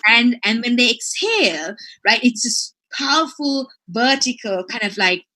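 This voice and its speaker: A woman from Sri Lanka, a marine biologist, telling a lively story in conversation and peppering it with "right?" and "like". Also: a little high, a little slow. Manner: chatty, fillers like "right?" and "like".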